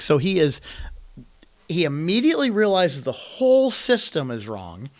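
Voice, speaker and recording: A man's voice: on the high side, wildly swooping pitch, moderate pace, no room sound. A man preaching a sermon, retelling a story animatedly and acting out quoted lines in a raised voice.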